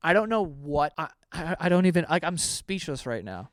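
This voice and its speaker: A man in his thirties reacts to stories in a loose, animated rant, now and then swearing and slipping into mock voices. His voice sits a little high and comes across smooth and clear. The sound is dry and close, with no room around it. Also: moderate pace, no echo. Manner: animated, ranting, swears, acts out angry voices. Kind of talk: casual reaction commentary.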